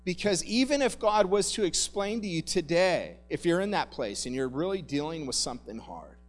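A pastor giving a relaxed, conversational sermon, joking and calling his listeners "guys.". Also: fairly high pitch, normal speed. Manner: conversational, jokey, addresses the congregation as "guys". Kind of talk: casual sermon.

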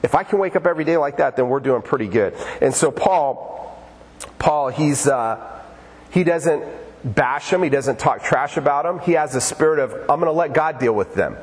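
A man pastor preaching a conversational sermon in a church sanctuary, animated and lively. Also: a little high, moderate pace. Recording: church hall with long reverb.

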